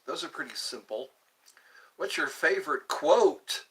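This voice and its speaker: A man in his fifties hosts a casual live stream, reading out viewer comments and replying with playful jokes. His voice sits a little high, swings widely in pitch, and comes at an unhurried pace. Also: lively intonation, fairly bright tone, breathy edge, poor audio. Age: 50s. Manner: reads viewer comments aloud and chats back to them; playful, jokey.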